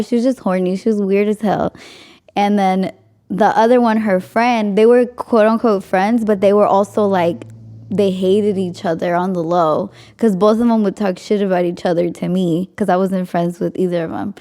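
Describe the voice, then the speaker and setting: A woman's voice: medium pitch, fairly even intonation, normal speed, mellow. A young woman hosting a podcast, telling a story in casual chat, with lots of "like" and frequent laughs. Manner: chatty, frequent "like", laughs often. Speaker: podcast host.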